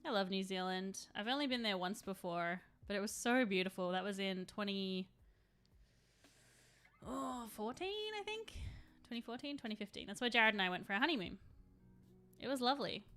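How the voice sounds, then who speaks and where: Bright-voiced chatty woman streamer. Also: mid-range voice, sing-song, moderate pace, faint music behind. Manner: chatty, rambling, laughs often. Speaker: streamer painting miniatures. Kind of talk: casual live-stream chat.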